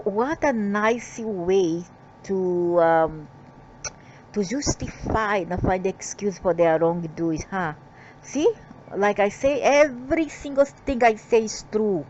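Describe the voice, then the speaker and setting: A woman's voice: mid-range voice, a little mellow, dull audio, slight background noise. A woman reading out channeled spiritual messages in a rambling way, breaking into defiant, scolding asides.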